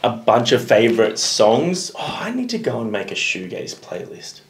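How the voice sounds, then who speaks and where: A man's voice: medium pitch, wildly swooping pitch, normal speed. A young man with an Australian accent, co-hosting a casual reaction show with crude, jokey humor. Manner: jokey, crude, laughs easily. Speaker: reaction channel co-host. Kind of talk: casual banter. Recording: echoey room with faint noise.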